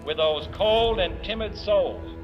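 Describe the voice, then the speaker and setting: A man giving a slow, solemn, dramatic speech. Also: sits high. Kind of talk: dramatic speech over music. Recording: dull distant sound over music.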